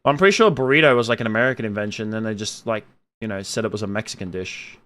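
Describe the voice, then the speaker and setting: A young Australian streamer works through his chat, reading comments out and reacting with animated, opinionated casualness that swings between shouting and muttering. His pitch is fairly low and his delivery rapid-fire.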